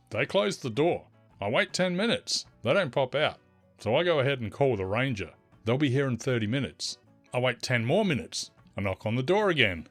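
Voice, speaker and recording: Casting: wry male storyteller, lively and animated in pitch, teasing asides. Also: normal speed. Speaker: story narrator. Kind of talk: scripted narration of an online forum story. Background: faint music.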